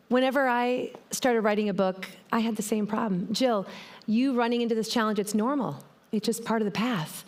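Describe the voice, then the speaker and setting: A woman's voice: medium pitch, moderate pace. A middle-aged woman giving a motivational keynote talk on a conference stage, telling stories and speaking straight to the audience. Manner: animated, storytelling, addresses the audience directly.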